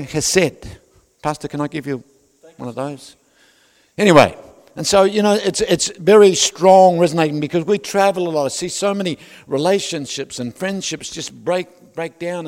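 Joking preacher in a reverberant hall. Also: male voice, fairly high pitch. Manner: conversational, joking asides to the congregation. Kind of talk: sermon. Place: large church hall. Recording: long reverb of a large hall.

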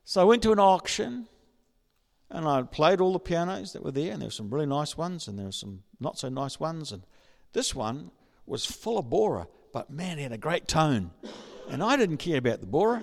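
A man preaching a sermon, telling a personal story and building up to excited shouting. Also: a little high, a little fast, gravelly. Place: large church hall. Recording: reverberant hall.

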